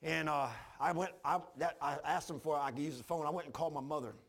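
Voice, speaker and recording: An older man preaching a sermon, telling his own story in a folksy, repetitive way with sudden loud bursts. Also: a little high, steady tone, fast. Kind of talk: sermon with personal testimony.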